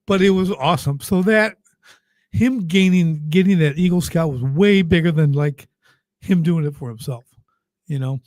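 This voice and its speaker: A podcast guest who works as a business coach, this American man tells his stories in an interview with lively emphasis, sometimes becoming choked up. His mellow voice runs a little high at a moderate pace, recorded cleanly in a studio without any room sound.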